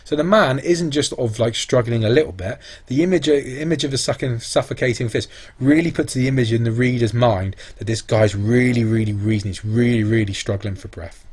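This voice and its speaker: Husky-voiced male English teacher. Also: mid-range voice, fairly quick, a little mellow. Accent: British English. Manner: explains step by step, thinking aloud. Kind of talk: exam revision lesson.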